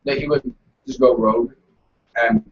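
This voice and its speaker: A man's voice: medium pitch, sing-song, normal speed, gravelly, far from the mic, a little hiss or hum. A man telling stories and teasing his friends on a casual live stream. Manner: joking, storytelling, teasing. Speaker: show regular. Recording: lo-fi audio, voice off-mic.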